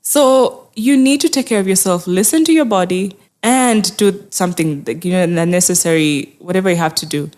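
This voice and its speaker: A woman's voice: on the low side, normal speed, hardly any pauses, darkish tone. A woman mental health therapist speaking as an interview guest, earnest and encouraging, often acting out people's inner thoughts. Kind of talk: conversational interview.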